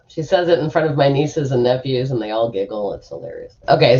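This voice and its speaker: A woman's voice: rumbling low, brisk, few pauses, dark tone, dull audio. A woman hosting a stream from a room at home, rambling in casual chat with lots of fillers and asides while reading an article aloud. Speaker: streamer host.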